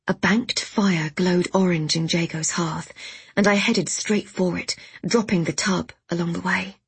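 A woman reading a first-person story aloud in a soft, hushed, often half-whispered way, with a breathy voice. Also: fairly low pitch, steady tone, measured pace, no echo. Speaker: audiobook narrator. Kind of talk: first-person scripted narration.

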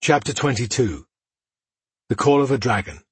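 A man reading fantasy narration for an audiobook, in an even, steady way. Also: mid-range voice, moderate pace, breathy edge, no echo.

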